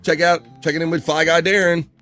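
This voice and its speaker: A man's voice: fairly high pitch, level tone, a little fast, sharp tone, faint music behind. A man hosting a casual livestream, joking and teasing, laughing often. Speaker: livestream host.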